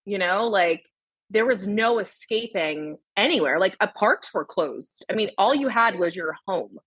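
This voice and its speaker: A woman in her thirties, a guest on a casual podcast, with a husky voice recorded dry and close. She talks bluntly and animatedly and swears without a second thought. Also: mid-range voice, expressive, a little slow, fairly bright tone, no room sound, highs cut off.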